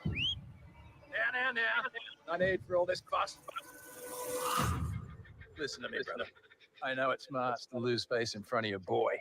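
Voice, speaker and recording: An actor playing a threatening local surfer gang leader who speaks with a smooth, calm menace in a film trailer. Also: male voice, mid-range voice, unhurried, long pauses. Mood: menacing calm. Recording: trailer clip with loud noise behind.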